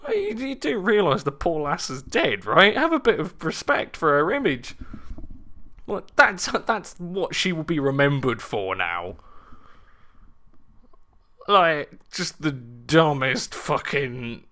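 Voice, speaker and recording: An Englishman talks at home into a handheld mic, rambling and sardonic with plenty of swearing. His pitch jumps about animatedly and his tone is bright and tense. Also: sing-song, slow. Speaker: gaming channel host. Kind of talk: casual battle commentary and rant. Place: home living room. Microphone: handheld desk mic.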